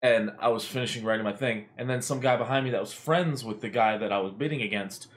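A man hosting a podcast, telling stories in an animated, casual way with lots of swearing. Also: mid-range voice, fast. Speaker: podcast host. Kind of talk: casual storytelling.

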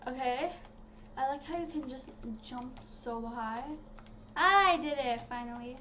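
A woman giving casual, excitable commentary while playing a video game, talking to her viewers. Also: high voice, a little slow. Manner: chatty and excitable, talks to viewers as "guys". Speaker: gaming channel host. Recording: slightly dull lo-fi audio with faint noise.

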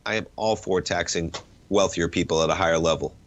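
Male market-show host, stuffed up, lowish voice, loose wry commentary. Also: fairly even intonation, brisk. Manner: conversational, wry, rambling asides. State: stuffed-up nose. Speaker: financial talk show host.

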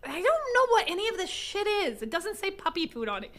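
A woman streaming a game live from home, excitable and jokey, swearing and laughing often as she talks to chat. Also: extremely high pitch, brisk. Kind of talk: live gameplay commentary.

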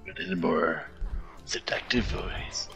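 A man's voice: low voice, slow pace, creaky, music in the background. A man chatting as a co-commentator on a let's-play, cracking goofy jokes and quips. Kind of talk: casual let's-play chat.

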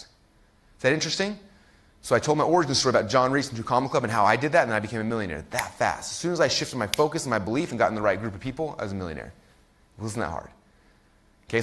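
A man in his thirties teaching an online marketing workshop. He talks excitedly, keeps asking "right?" and acts out other people's voices. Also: mid-range voice.

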